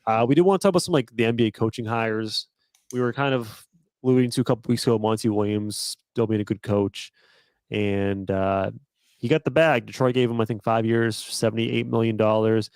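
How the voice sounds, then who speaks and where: A man's voice: fairly low pitch, fairly even intonation, fairly quick, a little mellow, dry recording. A man co-hosting a sports podcast in casual chat, laid-back and chuckling, with occasional swearing. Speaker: podcast co-host.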